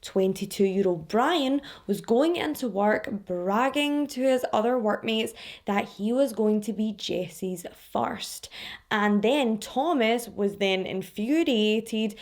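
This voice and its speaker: A woman's voice: mid-range voice, slow. Sarcastic woman telling a true crime story. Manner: sarcastic, laughs at the killer's messages. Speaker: true crime podcast host.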